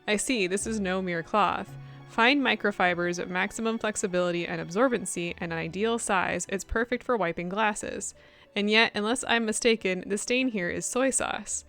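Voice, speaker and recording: Prim, polite young female attendant with crisp formal diction, read by a woman. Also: medium pitch, normal speed, fairly bright tone, faint music behind, lightly acted. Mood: courteous. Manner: formal, precise wording.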